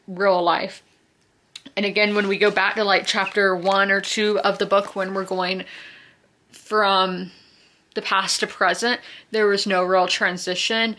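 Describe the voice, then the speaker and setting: A woman's voice: mid-range voice, bright, forceful tone. A woman, chatting casually and rambling about a book, with lots of fillers and self-corrections. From South Carolina, US. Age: 20s. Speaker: book vlogger. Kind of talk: casual book review chat.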